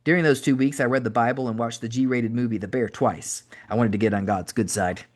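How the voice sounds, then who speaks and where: A man narrating an audiobook in a brisk, wry first-person reading. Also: mid-range voice, steady tone. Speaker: podcast host reading an audiobook.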